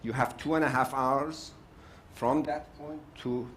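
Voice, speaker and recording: A man's voice: medium pitch, steady tone, a little slow, fairly bright tone, slight background noise. An older man from South Africa speaking at a summit panel, outspoken and emphatic, repeating his points for force. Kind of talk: impassioned summit speech.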